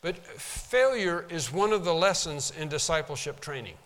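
A man's voice: a little high, expressive, moderate pace, fairly bright tone, big-room sound. A man preaching a sermon as pastor from a pulpit, in an emphatic manner that stresses single words and sometimes pounds the pulpit. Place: church sanctuary.

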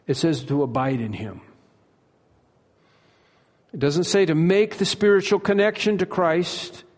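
Emphatic preacher in a reverberant hall. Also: male voice, fairly high pitch. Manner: emphatic, repeats key phrases and slows on them. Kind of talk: sermon.

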